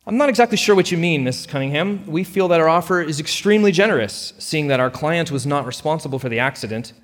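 A man's voice: on the high side, lively intonation, fast, big-room sound, voice pushed up. A man voicing a curt, bureaucratic insurance agent who brushes off a claim. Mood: dismissive. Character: cold, dismissive male insurance agent.

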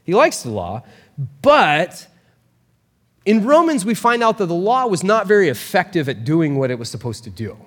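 Lively, conversational male pastor preaching. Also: high-pitched, in a large hall. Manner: conversational and animated, with quick asides. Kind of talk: sermon.

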